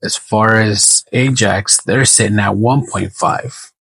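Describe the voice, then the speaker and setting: A man talks through his betting picks in a slow, unhurried way, with a gravelly, husky voice. He thinks aloud, hesitates and corrects himself often. The sound is dry and close. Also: fairly low pitch, steady tone, a bit bright, no echo, rough recording. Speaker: sports betting predictor. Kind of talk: casual solo prediction talk.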